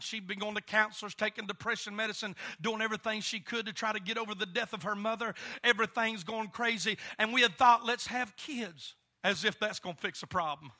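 A man preaching a sermon through an animated personal story, with many "uh" fillers. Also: high-pitched.

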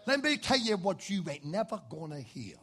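Fervent preacher, very high voice. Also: male voice, very animated, normal speed, husky. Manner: fervent, building to shouts; folksy storytelling. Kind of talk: revival sermon.

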